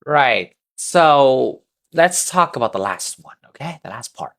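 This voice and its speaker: A man's voice: medium pitch, big pitch swings, unhurried, vocal fry, fairly bright tone. A man teaching an English class over a video call, patiently drilling words and having students repeat them. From Vietnam. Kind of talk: online class instruction.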